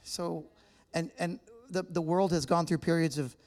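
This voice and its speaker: A little slow and fairly even in intonation, this man's voice is fairly high-pitched with a darkish tone. He is an American guest speaker giving a relaxed, joking talk to a live church audience and chatting with people in the room.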